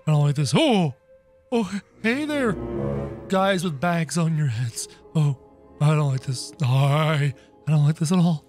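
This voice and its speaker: A man hosting a gaming video with excitable, theatrical commentary, often yelping and shrieking. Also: on the high side, measured pace, faint music behind.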